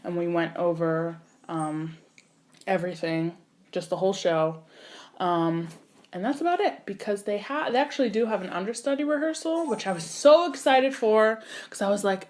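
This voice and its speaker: A young woman, an actor and singer, telling an animated story in a casual interview, full of "like" and "you know". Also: medium pitch, normal speed, slight background noise.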